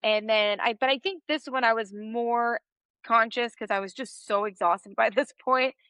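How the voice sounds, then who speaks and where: Bright-voiced woman telling an animated story. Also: a little high, normal speed, smooth, no room sound. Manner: animated, laughs often while telling a story. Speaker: podcast guest. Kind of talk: storytelling in a casual interview.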